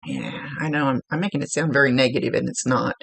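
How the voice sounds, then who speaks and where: A woman's voice: extremely low pitch, fairly even intonation, fast talker, gravelly, slightly rough, dry recording. A woman working as a psychic medium, giving a spirit reading to a client in a rambling way, searching for words and restarting her sentences.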